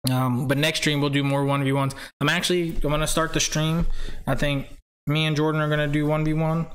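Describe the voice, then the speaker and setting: Chatty, slightly high-voiced man streamer. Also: flat delivery, brisk. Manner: rambling, chatty, reads out viewer names, laughs often. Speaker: game streamer host. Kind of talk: casual live-stream chat.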